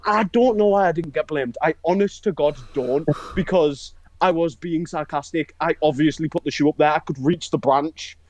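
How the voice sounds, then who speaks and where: A man's voice: fairly high pitch, moderate pace, few pauses, a little mellow, poor audio. A young man, co-hosting a podcast and telling a funny story in casual chat, laughing often. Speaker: podcast co-host.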